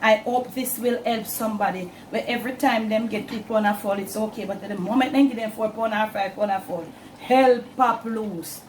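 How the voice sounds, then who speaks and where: A woman's voice: mid-range voice, fairly even intonation, a little fast, hardly any pauses, darkish tone, a little hiss or hum. A woman with a Jamaican accent hosting a casual cooking demonstration in her home kitchen, chatting in a mix of patois and standard English. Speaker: cooking channel host.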